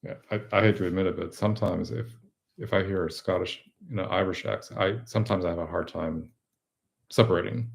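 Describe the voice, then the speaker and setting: American man, low voice, gravelly, halting casual chat on a stream. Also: fairly even intonation. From United States. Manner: hesitant, repeats words, short agreeing replies. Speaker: co-host of a live stream.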